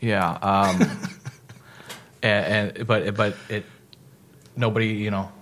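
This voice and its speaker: A podcast host with a very low voice and a bright, forceful tone. He thanks his guest earnestly. He speaks in halting, repeated starts and swears now and then. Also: fairly even intonation, slight background noise. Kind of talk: casual chat.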